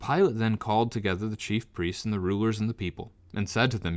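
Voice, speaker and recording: A man reading scripture aloud in a measured, even way. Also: fairly low pitch, no echo. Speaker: scripture reader.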